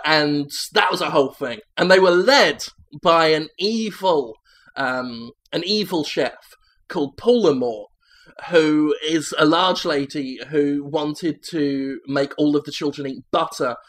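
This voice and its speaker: Comedy host, male, slightly high voice, rambling deadpan improv delivery. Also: unhurried. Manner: rambling, deadpan absurd pitch meeting.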